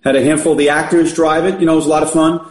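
A man's voice: on the high side, little pitch movement, racing, roomy sound, low-quality recording. A middle-aged man telling stories in casual chat, rambling with many fillers and restarts. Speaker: podcast guest. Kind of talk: casual storytelling.

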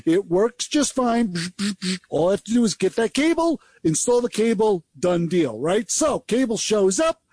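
An older man co-hosting a radio show, telling a repair story in a lively, chatty way with mouth sound effects. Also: high-pitched, moderate pace, hardly any pauses, no room sound. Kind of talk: casual radio chat.

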